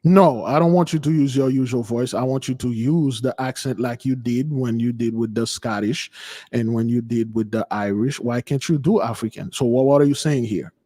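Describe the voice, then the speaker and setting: In what sounds like a large hall, a man with a warm, medium-pitched voice talks at normal speed while hosting a spiritual channel. He chats casually with his beloved listeners in live commentary, stammering, repeating and restarting his words.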